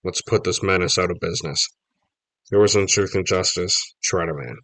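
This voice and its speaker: A man reading a children's novel aloud, telling the story lively in first person. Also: low voice, normal speed, no room sound. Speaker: audiobook reader.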